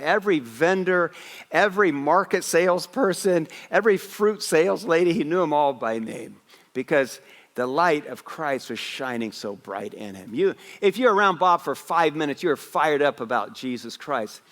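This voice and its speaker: Energetic preacher, man, echoing sanctuary. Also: fairly high pitch. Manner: energetic storytelling, repeats words as he goes, acts out quotes. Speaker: pastor. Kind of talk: Christmas Eve sermon with stories. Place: large church sanctuary. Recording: long hall reverb in a worship house.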